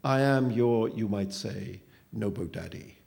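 A man's voice: lowish voice, unhurried, vocal fry, a little mellow. A man reading a story aloud, voicing a pompous male phantom who speaks in precise, wordy and falsely kindly tones. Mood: smug.

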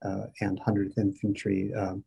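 A man's voice: on the low side, completely flat delivery, moderate pace, vocal fry, dark tone, slightly rough. A man, the author of a book, answering interview questions in a reflective, hesitant way. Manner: reflective, hesitant, many fillers. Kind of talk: conversational interview.

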